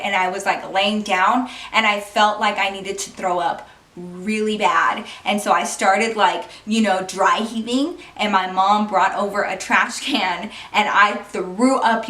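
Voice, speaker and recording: Animated young woman telling a story. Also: mid-range voice. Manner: animated, swearing, laughing often. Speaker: vlogger. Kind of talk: casual storytelling. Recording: roomy, distant from the mic.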